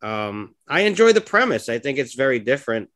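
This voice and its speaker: A man's voice: medium pitch, big pitch swings, brisk, fairly bright tone. A man co-hosting a podcast in casual chat, hesitant and searching for words. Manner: hesitant, many fillers and restarts. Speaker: podcast co-host.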